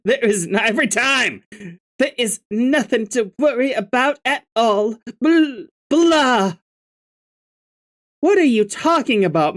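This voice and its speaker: A man's voice: fairly bright tone, exaggerated voice. A man voicing a jittery, irritable teenage girl in a strained, exasperated voice. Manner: high, strained, exasperated delivery. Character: jittery, irritable teen girl, quick to snap.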